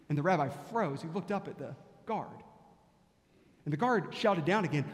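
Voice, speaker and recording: A man's voice: fairly high pitch, expressive, moderate pace, in a large hall. A male pastor preaching a sermon, telling a story and firing off repeated rhetorical questions.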